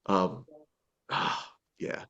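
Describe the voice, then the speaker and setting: A male voice actor draws out his words in a muffled recording as he chats casually in an interview. He rambles with many restarts and fillers and acts out quotes in an animated way.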